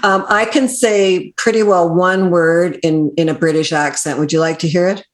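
A woman's voice: fairly low pitch, fairly even intonation, moderate pace. A Canadian woman from Ontario who hosts a podcast, asking curious, friendly questions in a casual interview. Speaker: podcast host. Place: London, Ontario.

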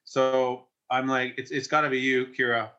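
A Canadian man in his forties, a firefighter, telling an emotional personal story in an interview in a halting way, with many restarts. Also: medium pitch, flat delivery, pushed and bright, highs cut off. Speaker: firefighter and investor.

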